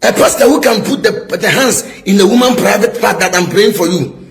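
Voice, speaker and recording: A man's voice: sits high, brisk, poor audio. A middle-aged man, a prophet, scolding a rival in an emphatic, repetitive preaching style. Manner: emphatic, repetitive, asks "is somebody getting my point?". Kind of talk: preaching-style public rebuke.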